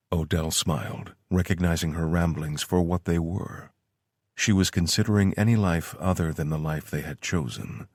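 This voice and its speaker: A man narrating an audiobook in a steady, measured way. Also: very deep voice, no echo, studio quality.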